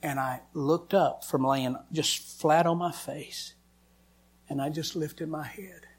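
A man, a preacher giving an emotional sermon testimony and swinging from loud lines to hushed whispers. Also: fairly high pitch, steady tone, slow pace, breathy edge.

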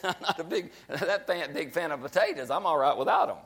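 Male pastor, high voice, emphatic sermon delivery. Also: animated, fairly quick, a bit bright, breathy edge. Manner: emphatic, repetitive exhortation.

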